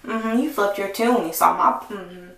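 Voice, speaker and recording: A young woman vlogger telling a story in a casual, animated and profane way. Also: mid-range voice, moderate pace, gravelly, far from the mic, slight background noise. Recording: echoey room, voice off-mic.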